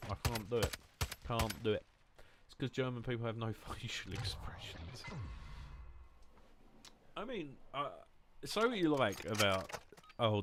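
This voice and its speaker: A man with a lowish voice streams a game over some background noise. He chats in a loose, rambling, joking way, mocking himself, swearing freely, and restarting his sentences as his talk wanders.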